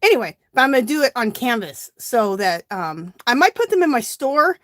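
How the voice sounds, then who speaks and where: A woman's voice: on the high side, very animated, a little fast, fairly bright tone, no room sound, clean studio sound. Chatty woman hosting a craft livestream. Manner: chatty, greets viewers by name with lifted voice. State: out of breath. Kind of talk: casual live-stream chat while crafting. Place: home craft room.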